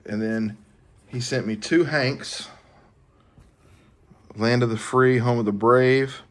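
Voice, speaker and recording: A man hosting a knife collecting vlog, talking in a relaxed, folksy way as he shows off mail he received. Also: medium pitch, slow pace. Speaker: knife collecting channel host. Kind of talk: casual show-and-tell vlog.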